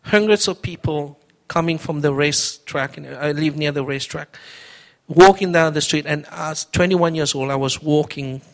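Middle-aged man, pastor giving a personal testimony sermon; earnest and conversational, repeats himself, pitched a bit high. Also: moderate pace.

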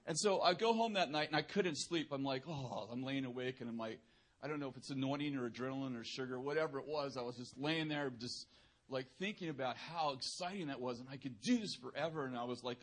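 A man's voice: medium pitch, fairly quick. A male preacher speaks in a mid-range voice, with easygoing and conversational delivery. He keeps poking fun at himself and chuckles as he goes. The sermon feels loose and anecdotal. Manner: humorous, self-deprecating, laughing through anecdotes; casual, conversational, filler-heavy. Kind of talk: sermon with personal storytelling.

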